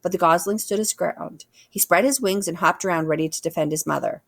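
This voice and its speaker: A woman reading a children's book aloud with expressive storytelling. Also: lowish voice, brisk, gravelly, no echo. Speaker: reader.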